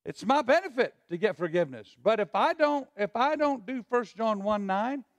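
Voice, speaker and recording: A male pastor preaching a call-and-response sermon, prompting the congregation to repeat lines, dropping to a hush on asides and rising on scripture. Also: sits high, animated, normal speed, no echo, clean studio sound. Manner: drops to a hushed voice on asides, rises on scripture. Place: church sanctuary.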